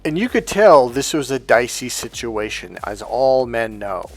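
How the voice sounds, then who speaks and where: A man's voice: medium pitch, very animated, a little slow, faint music behind. A man and dating coach telling a casual anecdote in a rambling, profane way, with many restarts.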